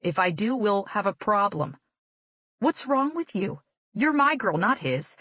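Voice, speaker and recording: A woman voicing a protective, loving middle-aged father who speaks gently but firmly. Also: medium pitch, sing-song, unhurried, dry recording, voice pushed up.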